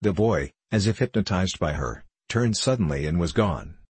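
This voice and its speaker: Audiobook narrator, male, low husky voice, dry close sound. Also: expressive, normal speed, darkish tone, no room sound.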